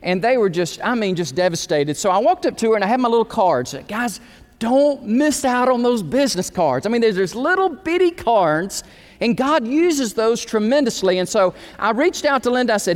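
A man preaching as pastor of his church, telling a story in an animated way. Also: high voice, normal speed, long reverb tail. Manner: animated, storytelling with quoted dialogue. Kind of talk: sermon. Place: church sanctuary.

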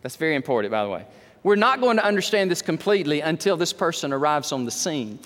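A man preaching a sermon as pastor, animated, with wide swings in pitch and loudness. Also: fast, long reverb tail.

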